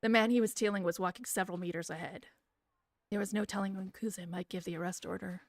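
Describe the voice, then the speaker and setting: A woman reading a visual novel aloud in a soft, soothing voice, with casual, swearing asides. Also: medium pitch, fairly even intonation, quick pace, no echo. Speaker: streamer reading a game aloud.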